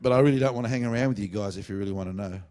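A man preaching a revival sermon, swinging between loud fervent bursts and low confiding asides. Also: racing. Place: church meeting.

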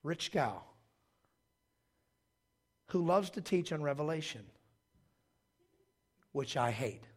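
Animated man preaching with jokes. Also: on the high side, slow, long pauses. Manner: animated, jokey, acts out quoted voices. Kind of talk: sermon with storytelling.

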